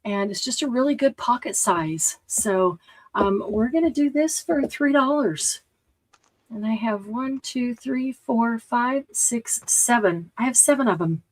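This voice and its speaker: A woman's voice: on the high side, animated, a little slow, low-quality recording. A woman hosting a casual live-stream craft sale, chatting as she shows items and counts stock.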